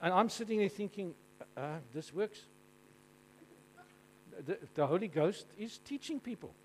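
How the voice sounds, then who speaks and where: A South African man preaching from the front of a congregation, his voice sitting noticeably high for a man. He tells his stories with humour and keeps drawing the crowd in with questions. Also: a little slow, slight background noise, rough recording. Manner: animated and jokey, asking the audience questions. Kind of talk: storytelling sermon to a live congregation.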